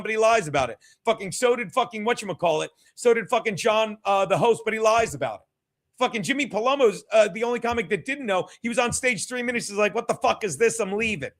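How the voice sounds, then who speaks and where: A man's voice: high-pitched, a bit bright. A stand-up comedian, a man, giving a rambling, profane, combative rant as stream commentary.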